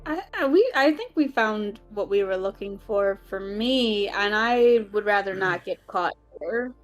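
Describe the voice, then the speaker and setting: A woman's voice: mid-range voice, animated, measured pace, soft background music. A woman playing a tabletop role-playing game, thinking aloud with hesitant restarts. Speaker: player.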